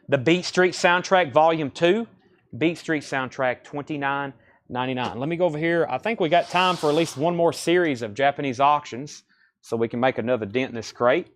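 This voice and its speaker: A man selling records on a live stream from a record store, briskly repeating titles, condition grades and prices. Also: on the high side, fairly bright tone. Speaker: record store livestream seller. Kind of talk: live sales patter.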